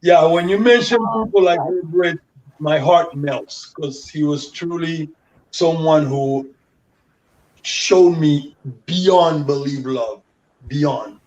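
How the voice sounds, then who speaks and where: A man from Panama telling stories as a guest in an interview, animated and acting out what other people said. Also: fairly high pitch, takes it slowly. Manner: animated storyteller who acts out others' dialogue. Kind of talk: casual storytelling interview. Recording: distant mic, dull lo-fi sound.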